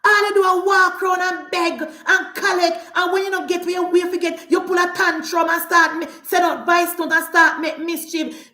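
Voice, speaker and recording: A woman's voice: very high voice, little pitch movement, moderate pace, hardly any pauses, roomy sound. Fiery Jamaican woman, scolding rant. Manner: fiery, scolding, often shouting, repetitive. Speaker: political commentator. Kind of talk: live-stream political rant.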